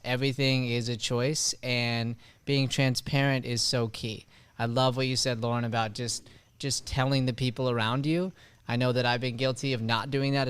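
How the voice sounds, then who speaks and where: A man's voice: mid-range voice, a bit bright, smooth, dry recording. A man co-hosting a podcast, speaking reflectively and sincerely. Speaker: podcast co-host. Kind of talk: casual podcast discussion.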